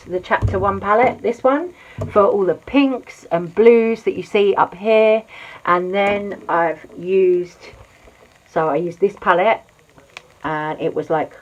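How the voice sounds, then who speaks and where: Woman, casual commentary vlogger, chatty, emphatic repeats, mid pitch, muffled lo-fi audio. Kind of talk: casual drama commentary while doing makeup.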